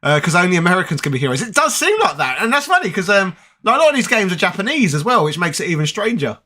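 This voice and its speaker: A man chats loosely with his viewers, drifting between points with plenty of ums and uhs. His voice sits a little high and rings bright and forward. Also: very animated, fast talker. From United Kingdom. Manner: chatty, rambling, with many fillers. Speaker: gaming channel host. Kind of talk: casual live chat answering viewer comments.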